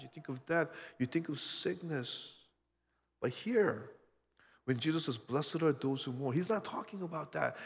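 Male pastor, earnest sermon delivery, many rhetorical questions, long hall reverb. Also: mid-range voice. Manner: earnest, personal storytelling with frequent rhetorical questions.

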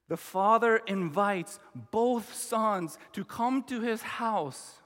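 A man's voice: high voice, slow, hardly any pauses, fairly bright tone, in a large hall. A man preaching a sermon, emphatic, acting out the quoted lines. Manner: emphatic, acts out the quoted brother. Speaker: pastor.

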